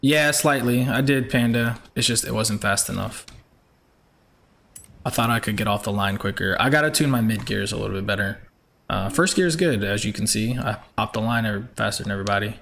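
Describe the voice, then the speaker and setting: A man's voice: fairly low pitch, a little fast, vocal fry, fairly bright tone. A young man from Georgia, chatting upbeat with viewers as he live-streams a racing game from home.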